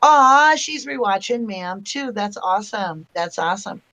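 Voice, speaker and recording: A woman's voice: medium pitch, animated, normal speed, a bit bright. A woman hosting a casual live-stream chat from home, chatting loosely and greeting viewers by name as she reads their comments aloud. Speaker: host of a live chat show.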